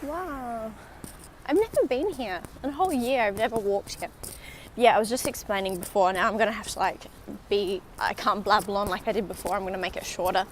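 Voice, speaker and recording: On a city riverside stroll, a young woman vlogs on her handheld phone, talking a little fast at medium pitch. She rambles chattily and whispers the occasional aside, while a faint hiss or hum runs under the audio.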